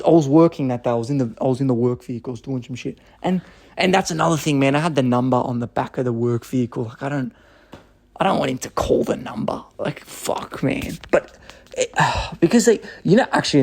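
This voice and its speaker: A young Australian man telling road rage stories in a profane, rambling, animated way. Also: mid-range voice. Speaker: storyteller. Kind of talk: casual storytelling rant.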